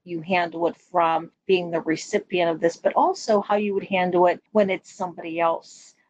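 A woman hosting an interview, asking reflective questions and affirming her guest's points in an encouraging, measured way. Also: on the low side, steady tone, a little mellow, dull audio, slight background noise. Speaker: podcast host and interviewer. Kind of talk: interview questions and follow-up comments.

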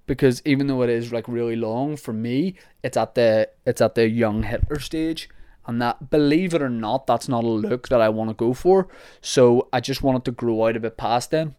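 A man's voice: mid-range voice, darkish tone, smooth, dry recording. Young Northern Irish man, casual podcast host, sarcastic and rambling, dry close mic. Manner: chatty, sarcastic, rambling with self-mocking asides. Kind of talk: casual podcast chat answering listener questions.

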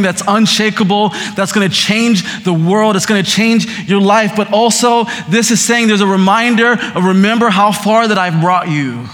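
A man preaching a sermon, moving between hushed scripture reading and excited, laughing storytelling. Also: a little high, long reverb tail. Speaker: pastor.

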